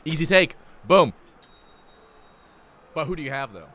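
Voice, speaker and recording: A young man calling a live game play-by-play with a bright, forceful voice that sits a little high. He talks in a punchy, hyped-up way. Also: expressive, a little slow. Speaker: play-by-play announcer.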